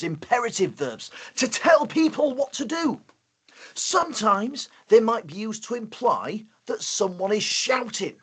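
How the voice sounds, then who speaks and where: Upbeat guy running a live school lesson, high lively voice, bit husky. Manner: energetic, upbeat, playful. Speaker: host and teacher.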